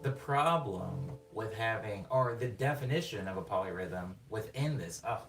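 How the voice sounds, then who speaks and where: A man on a live production stream, excitedly explaining rhythm while rambling and interrupting himself, sometimes singing words on the beat. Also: fairly low pitch, normal speed. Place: home studio during a live production stream. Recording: roomy room sound, mic at a distance, faint music.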